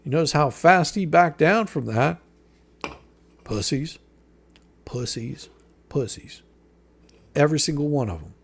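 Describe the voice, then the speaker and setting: A man's voice: on the high side, expressive, fairly quick, creaky, few pauses. A man hosting a live stream, reading a legal filing aloud and answering each point with profane, sarcastic mockery. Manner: mocking, profane, sarcastic rebuttals.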